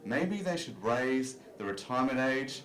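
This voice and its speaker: A man's voice: medium pitch, expressive, a little slow, a loud crowd. A man doing a stand-up comedy set on a club stage, talking in a loose, self-deprecating way full of "you know" fillers. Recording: roomy club recording.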